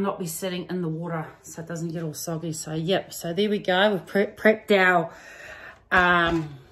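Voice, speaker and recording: A middle-aged woman from New Zealand with a Kiwi accent touched by Australian, giving a homely, chatty cooking demonstration in her home kitchen, full of ums and slang. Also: fairly low pitch. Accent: New Zealand with some Australian. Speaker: home cook. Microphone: camera on a stand, away from the speaker. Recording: echoey room, mic at a distance.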